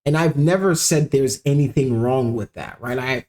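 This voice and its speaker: A man hosting a casual music reaction commentary, rambling with lots of fillers and sudden animated outbursts. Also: mid-range voice, normal speed. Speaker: commentary show host.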